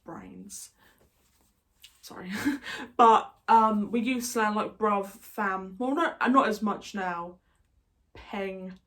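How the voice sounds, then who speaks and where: A young woman with an English accent talks casually to her camera in a mid-pitched voice. She rambles loosely from one tangent to the next, with a chatty, unpolished delivery. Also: takes it slowly, a bit bright. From England. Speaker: YouTuber. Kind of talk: casual vlog chat.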